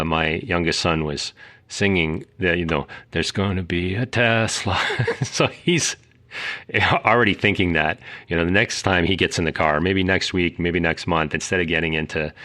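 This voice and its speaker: A man's voice: sits low, bright, forceful tone. A middle-aged man hosting a casual solo podcast, talking in a rambling way with many fillers and restarts. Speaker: podcast host.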